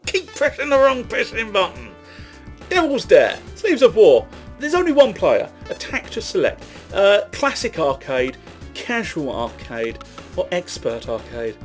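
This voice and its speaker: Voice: medium pitch, big pitch swings, a little slow, soft background music. A let's play gamer giving casual commentary while playing, rambling and correcting themselves, swearing at their own mistakes.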